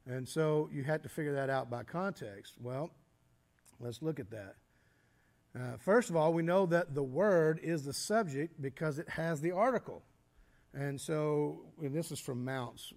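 A man with a fairly high voice teaches a church Bible study, explaining things step by step. He asks questions and answers them himself, often halting and restarting and clearing his throat.

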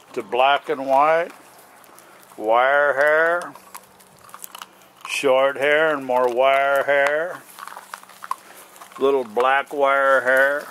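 A man's voice: medium pitch, a bit bright, slight background noise. A man filming his puppies, talking to them in a raised, coaxing voice. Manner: talks to the dogs in a raised, coaxing voice. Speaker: dog owner filming puppies. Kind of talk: casual talk to puppies while filming.

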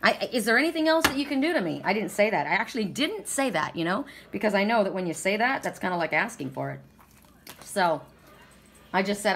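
A woman's voice: mid-range voice, expressive, a little fast, pauses often, slight background noise. A woman with a sore throat giving a casual, rambling oracle card reading, stressing her points with many restarts.

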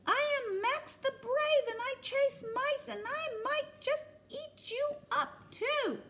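A woman's voice: very high voice, slow pace, pushed and bright, pitched above the performer's own voice, full character voice. A woman voicing a brave, bouncy little male kitten who talks boastfully and eagerly.

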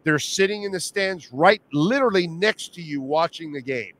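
A man with a Miami accent hosting a sports radio show, talking in an animated, rambling, slangy way. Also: fairly high pitch, normal speed. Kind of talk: casual sports talk.

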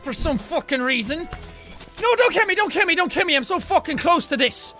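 A young Irish man giving energetic let's-play commentary, swearing constantly and yelping and cheering at the game. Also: very high voice, fairly quick, soft background music. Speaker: gaming YouTuber.

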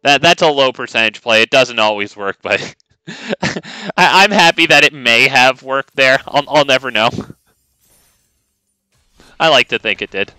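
A man's voice: medium pitch, expressive, measured pace, long pauses, bright, forceful tone, clean tone, dry recording, rough recording. A man streaming a card game, chatting casually with viewers in a joking, sarcastic, rambling way. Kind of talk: casual gameplay commentary.

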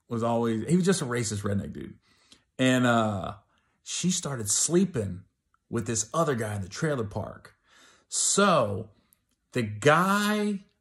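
A middle-aged man telling a comic story, loose and chatty, laughing between bits. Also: mid-range voice. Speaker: comedian.

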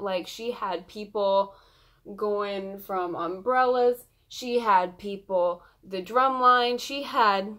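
A young woman vlogging in a casual chat, gushing excitedly as a fan. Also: medium pitch.

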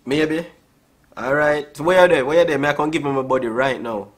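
A man's voice: on the high side, brisk. A Jamaican man hosting a casual vlog, teasing and joking as he flirts with strangers on a video chat app, slipping into patois and calling everyone bro. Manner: playful, teasing, drops into patois, says "bro" often. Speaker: YouTuber host.

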